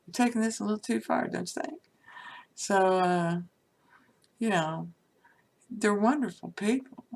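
A woman gives a casual spiritual teaching talk in a conversational style, constantly tagging her lines with "you know" and "okay?" and sometimes dropping to a whisper for emphasis. Her voice is medium-pitched and gravelly.

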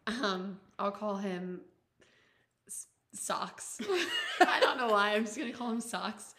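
A woman in her twenties co-hosting a podcast, telling a wild story in a casual, animated way, laughing often and filling her sentences with "like". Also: medium pitch, slow. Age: 20s. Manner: animated, laughs a lot, many "like"s. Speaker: podcast co-host.

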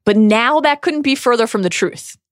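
A woman's voice: fairly high pitch, expressive, moderate pace, no room sound, studio quality. A woman co-hosting a book podcast, reading a scripted, earnest and analytical discussion. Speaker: podcast co-host.

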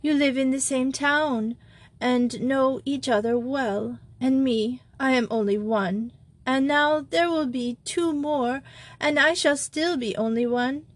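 A woman's voice: high-pitched, slow pace, pitched above the performer's own voice. A woman voicing a lonely, tearful young French schoolgirl who pleads between sobs. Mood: pleading. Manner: sobbing, pleading.

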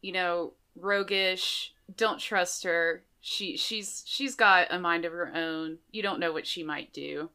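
A woman with a bright, clear voice pitched a little low describes her tabletop game character. She talks in a chatty way and hesitates often with fillers. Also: steady tone, takes it slowly, hardly any pauses. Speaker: player. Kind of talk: casual tabletop character introduction.

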